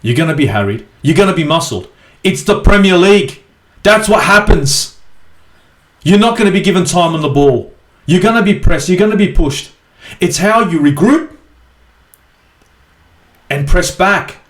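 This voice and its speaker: A man's voice: high voice, expressive, normal speed, long pauses, roomy sound. An Australian man ranting angrily as a football fan vlogger in a profane, exasperated match review. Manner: angry, sweary, exasperated.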